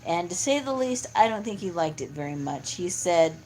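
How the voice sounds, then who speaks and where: A woman's voice: lowish voice, lively intonation, normal speed, few pauses, darkish tone. A middle-aged woman talking in a casual, rambling monologue, full of fillers and restarts. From California. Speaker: vlogger.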